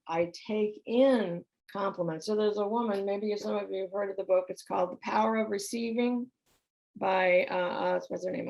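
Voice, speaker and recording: A woman's voice: mid-range voice, poor audio. A middle-aged woman giving a conversational talk about relationships, often putting questions to her audience. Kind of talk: spiritual center talk.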